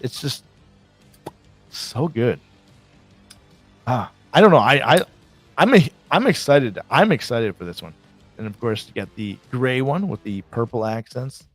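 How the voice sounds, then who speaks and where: Male stream host, excitable and casual, dry sound, soft music under. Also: mid-range voice, no echo. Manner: excited, chatty, reads chat aloud. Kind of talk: casual live stream chat.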